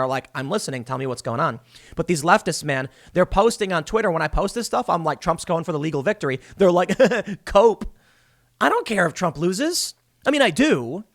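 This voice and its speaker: A man hosting political commentary, reading news articles and adding sarcastic, opinionated remarks. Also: high voice. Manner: animated, sarcastic, mocks opponents.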